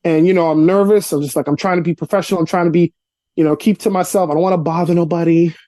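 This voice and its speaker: A man's voice: fast, no room sound. A young adult man from Brooklyn, a guest telling casual stories in an interview over a video call from his apartment, acting out dialogue as he goes. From Brooklyn, New York. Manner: animated storyteller, acts out dialogue with rising pitch. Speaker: actor and comedian guest. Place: cluttered apartment room.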